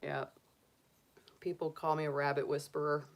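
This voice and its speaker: A woman's voice: sits low, flat delivery, moderate pace. A middle-aged woman chatting casually on a livestream and cooing baby talk to her pet rabbit. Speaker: tarot reader and astrologer.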